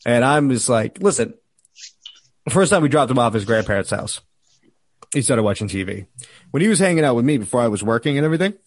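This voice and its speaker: A man hosting a podcast, telling a profane, animated story in casual chat. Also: mid-range voice, fast, pauses often. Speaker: podcast host.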